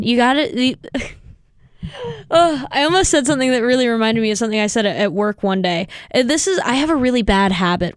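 A woman's voice: on the high side, smooth, dry recording, studio quality. A young adult woman hosting a show, talking in a casual, rambling way with lots of tangents and self-mocking asides. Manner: chatty, tangent-prone, self-mocking, quick laughs. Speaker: radio show host.

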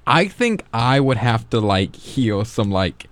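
A man's voice: mid-range voice, sing-song, slow, no room sound. Easygoing radio host man, dry sound. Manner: easygoing, rambling, lots of fillers. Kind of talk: casual chat.

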